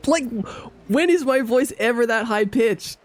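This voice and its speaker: A man's voice: very high voice, lively intonation, measured pace, faint music behind. A man streaming, chatting casually and animatedly, laughing often and sounding incredulous.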